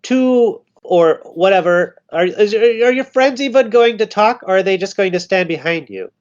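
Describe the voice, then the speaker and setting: A man's voice: sits high, expressive, normal speed, highs cut off. A man narrating a tabletop game as game master, in a loose, joking way.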